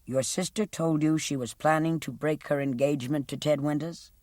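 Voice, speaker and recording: A woman voicing a male prosecutor in an audiobook, asking formal, deliberate questions. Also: low-pitched, steady tone, a little mellow, no room sound, studio quality, close to an everyday voice. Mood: questioning. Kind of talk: audiobook character reading.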